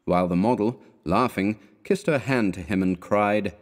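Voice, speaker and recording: Guy with a lowish voice reading an old short story, calm and deliberate, audiobook style. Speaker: audiobook narrator. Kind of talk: scripted narration of a classic short story.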